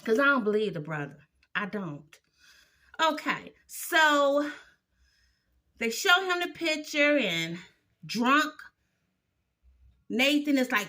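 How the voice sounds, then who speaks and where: A woman's voice: sits high, big pitch swings, slow, pauses often, pushed and bright. A woman giving a blunt, opinionated recap of a TV episode, exasperated and sassy as she talks it through.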